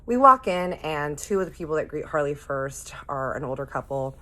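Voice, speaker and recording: A storytime vlogger tells her viewers a personal story in a chatty, animated way, acting out what people said with quoted voices. Her voice is low and she speaks at normal speed.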